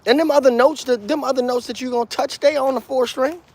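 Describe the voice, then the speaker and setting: Cursing streetwise bass teacher walking outdoors. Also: male voice, steady tone, fast. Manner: blunt, streetwise slang with cursing; counts beats out loud while walking. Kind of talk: casual walk-and-talk vlog.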